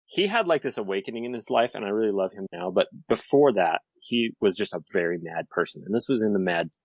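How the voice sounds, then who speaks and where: A man with a fairly low voice tells a long, animated story, piling on fillers as he goes. The sound is dry and close, with no room echo at all. It is relaxed podcast chat. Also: quick pace. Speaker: podcast guest.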